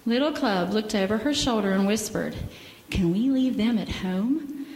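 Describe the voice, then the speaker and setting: A woman gently reading a picture book aloud to children in church, pausing to ask them questions. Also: medium pitch. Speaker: children's story leader. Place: church sanctuary. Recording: echoey hall with faint ambience.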